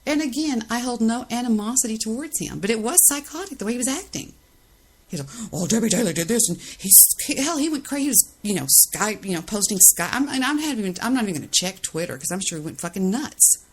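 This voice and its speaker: Gravelly, indignant woman podcast host. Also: a little high, lively intonation, quick pace, hardly any pauses, rough recording. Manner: indignant, defensive, repeats phrases for emphasis. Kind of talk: ranting monologue.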